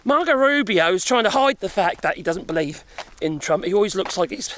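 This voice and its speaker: Breathless high-voiced rambling man. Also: very animated, a little fast, a bit bright, a little hiss or hum. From Europe. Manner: rambling, swearing, chuckling often. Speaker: vlogger. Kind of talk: casual rambling chat. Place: outdoors walking in woods.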